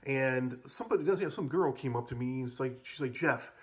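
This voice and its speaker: A man spins loose, rambling stories from his school years, often starting over mid-sentence. He swears freely. His voice sits at an ordinary middle pitch. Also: fast. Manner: rambling, with many restarts and casual swearing. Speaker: vlogger. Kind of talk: casual storytelling.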